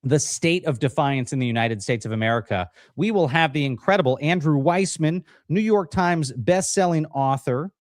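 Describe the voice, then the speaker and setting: A man hosting a live political stream, talking in an energetic, jokey way as he hypes up the guests. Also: on the high side, normal speed, few pauses, no echo, clean studio sound. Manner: energetic, jokey, hype-building introductions. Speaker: livestream host. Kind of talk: upbeat live-stream show opening.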